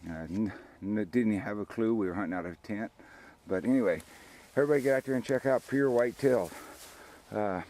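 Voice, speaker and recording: A man's voice: on the low side, fairly quick, darkish tone, poor audio. An older man, hosting a hunting show outdoors by a field and rambling folksily about the hunt and his sponsors. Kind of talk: casual outdoor commentary.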